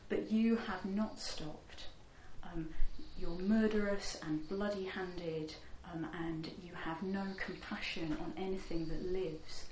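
A woman voicing a calm wandering male monk who speaks slowly, softly and with measured words. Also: on the low side, roomy sound, far from the mic, a little hiss or hum, low-quality recording. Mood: serene. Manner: slow, soft and measured.

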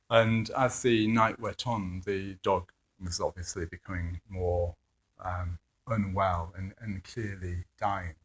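Hesitant man, dull lo-fi sound. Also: medium pitch. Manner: hesitant, many fillers and restarts, chuckling asides. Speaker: addiction therapist teaching mindfulness. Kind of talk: anecdotal talk. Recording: dull lo-fi recording.

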